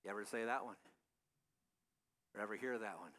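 A man preaching a sermon in a relaxed, conversational way, often asking the congregation questions. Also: on the low side, fairly quick. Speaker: pastor.

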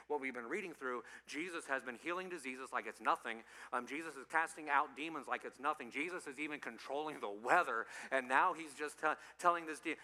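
A male pastor giving an animated, playful sermon to children and youth, quizzing the audience as he goes. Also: medium pitch, long reverb tail. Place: church.

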